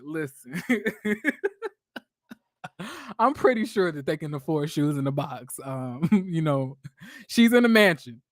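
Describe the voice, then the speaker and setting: A man's voice: on the high side, big pitch swings, a little slow, no echo, studio quality. A man giving casual, sassy, blunt commentary on a reality show, full of profanity and fillers. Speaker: reality TV recap vlogger.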